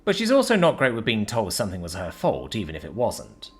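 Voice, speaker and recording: A man's voice: fairly low pitch, huge pitch swings, brisk, breathy edge, exaggerated voice. A man voicing a cocky, cheerful male human adventurer who talks in a breezy, teasing way.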